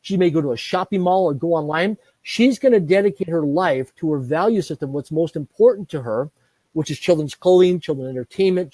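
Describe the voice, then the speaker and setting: A middle-aged man speaks with an energetic, animated drive, piling up lists and acting out little dialogues. His voice sits a touch high for a man but sounds warm and mellow. The recording is close and dry. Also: no echo. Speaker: guest speaker, business trainer. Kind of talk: animated interview storytelling.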